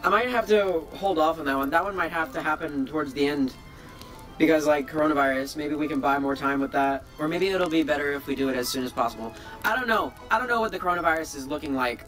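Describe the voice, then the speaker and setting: A young man chatting casually in a vlog, rambling and excitable, swearing now and then. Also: fairly high pitch, fast talker, soft background music. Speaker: video creator.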